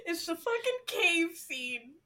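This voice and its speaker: A woman's voice: extremely high pitch, very animated, slow, crowd noise. A woman co-hosting a casual podcast, gushing about a show, swearing freely and saying "like" a lot. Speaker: podcast co-host.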